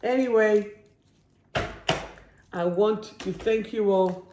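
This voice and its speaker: A woman working as a spiritual coach, reading affirmation cards to viewers in a slow, soothing, affirming way during a live stream. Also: medium pitch, warm tone, roomy sound, slight background noise.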